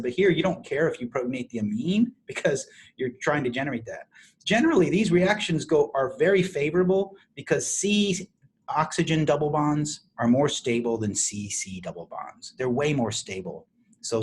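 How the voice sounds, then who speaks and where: A middle-aged man lecturing on chemistry to a university class. He explains step by step, restarting phrases and clearing his throat often. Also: mid-range voice. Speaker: chemistry professor.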